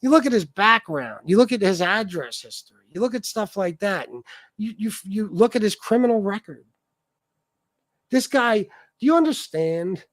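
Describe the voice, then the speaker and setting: Heated male livestream host, high voice, swearing rant, dry mic. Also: animated, normal speed, no room sound. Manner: profane, heated, repetitive. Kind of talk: ranting livestream commentary.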